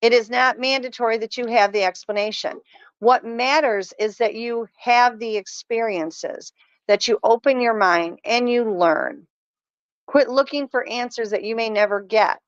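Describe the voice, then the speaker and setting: A woman's voice: a little high, a little slow, smooth, dry recording. A middle-aged woman guest telling stories in a casual chat, earnest and emphatic. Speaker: podcast guest. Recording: dull lo-fi sound.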